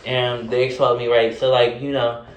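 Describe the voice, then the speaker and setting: A young man casually telling a story in a vlog, animated and sassy, full of fillers and cursing. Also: medium pitch, moderate pace, roomy sound.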